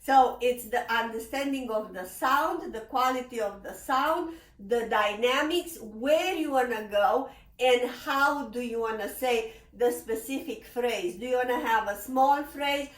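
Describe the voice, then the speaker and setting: This piano lesson comes from a woman with a slightly high voice who speaks slowly, sings bits of phrases, laughs frequently and stays expressive. Captured slightly off-mic from across a reverberant room, she's backed by piano playing.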